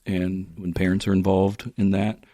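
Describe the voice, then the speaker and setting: A man's voice: low-pitched, little pitch movement, moderate pace, dark tone, dry recording, studio quality. A man co-hosting a podcast, speaking thoughtfully in casual conversation and asking questions. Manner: thoughtful, asks questions, restarts often. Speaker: podcast co-host.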